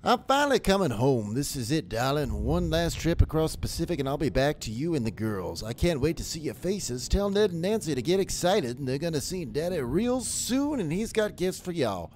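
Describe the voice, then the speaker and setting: A man's voice: fairly high pitch, very animated, a little fast, few pauses, a little mellow, a little hiss or hum. A man putting on a homesick drawling soldier. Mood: tender. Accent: put-on Southern drawl. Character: homesick male soldier writing to his wife.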